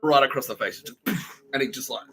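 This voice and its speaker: A man's voice: medium pitch, brisk, fairly bright tone, faint music behind, low-quality recording. A man hosting a podcast. He tells a rambling, profane story with frequent laughs and restarts. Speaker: podcast host. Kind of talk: casual storytelling monologue.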